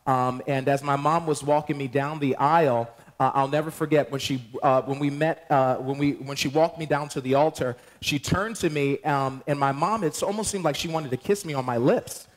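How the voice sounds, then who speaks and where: A man's voice: on the high side, moderate pace, few pauses. A man, a pastor, joking with his congregation as he tells wedding stories at the start of a sermon in church. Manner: playful, joking, addresses the congregation. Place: church sanctuary.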